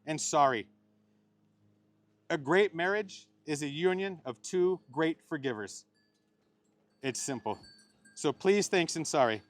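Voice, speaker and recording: A middle-aged man gives a wedding ceremony speech as the officiating uncle. His voice sits a little high, and he slips playful jokes in between sincere marriage advice. The sound is close and dry. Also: dry recording. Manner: joking, playful asides between heartfelt advice.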